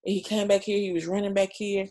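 A woman's voice: medium pitch, little pitch movement, fast, dark tone. A woman in her thirties hosting a casual podcast, chatty and emotional, with casual swearing. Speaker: podcast host, mother.

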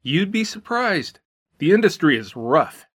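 A man's voice: on the high side, very animated, measured pace, a bit bright, husky, heavily acted. A man doing a terse, tired male computer worker. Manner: terse, dry, clipped replies. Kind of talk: audiobook character voice.

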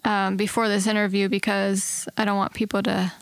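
A woman's voice: medium pitch, little pitch movement, moderate pace, no echo. A woman co-hosting a podcast in casual chat, talking freely with lots of "like" and "um" and laughing easily, recorded in an upstairs room at home. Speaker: podcast co-host.

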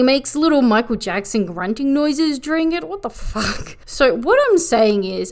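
A woman giving a sarcastic, profane comedic recap of an anime, tossing off quick mocking voices for the characters. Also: high voice, very animated, a little mellow. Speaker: anime reviewer.

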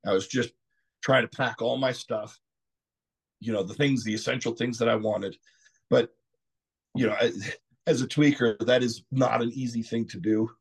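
A middle-aged man from Texas, a podcast guest telling his story candidly, rambling and clearing his throat often. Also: mid-range voice, steady tone, moderate pace, long pauses. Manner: frequent "you know" asides.

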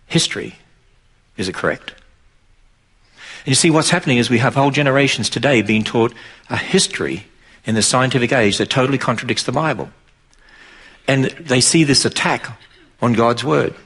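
Husky-voiced man preaching emphatically. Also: mid-range voice, brisk, pauses often, a bit bright. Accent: Australian. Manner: emphatic, rises sharply for mocking quotes. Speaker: Christian speaker. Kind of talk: preaching talk to an audience.

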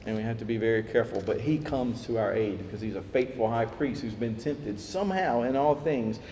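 Man preaching, animated, acts out voices, echoey hall. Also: fairly low pitch, fairly quick, a little hiss or hum. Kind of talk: sermon. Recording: echoey hall with faint ambience.

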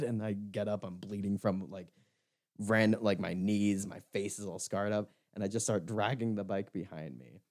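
A man's voice: on the low side, normal speed. Laughing young man telling a story. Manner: animated storyteller, acts out quotes, laughs often. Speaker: podcast co-host. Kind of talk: casual chat, telling a story.

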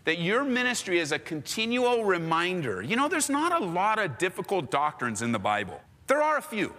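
Animated male pastor preaching. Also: sits high, normal speed, in a large hall. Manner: animated, conversational, storytelling. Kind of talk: sermon.

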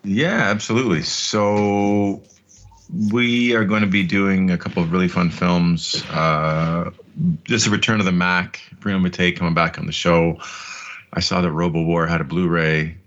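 A man's voice: deep voice, level tone, moderate pace, fairly bright tone. A man co-hosting a film podcast, chatting casually in a laid-back, joking way. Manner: laid-back, easy chuckling banter. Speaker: podcast co-host. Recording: dull lo-fi sound.

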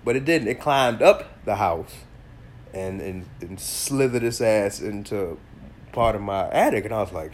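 Solo podcast host, male, stuffy nose, loose profane storyteller who gets loud when excited. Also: lowish voice, measured pace, a little hiss or hum. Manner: animated storytelling, slangy and profane, bursts of laughter. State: congested. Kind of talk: casual solo podcast monologue.

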